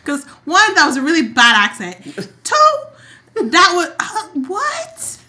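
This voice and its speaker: High, bright, expressive young woman. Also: measured pace. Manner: expressive, acts out quotes, joking. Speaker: podcast co-host. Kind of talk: casual recap chat.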